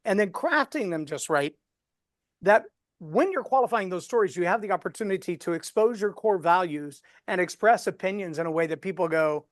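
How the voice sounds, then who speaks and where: A man coaching a live webinar on storytelling, folksy and animated as he walks through examples. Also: sits high, moderate pace, no room sound, clean studio sound.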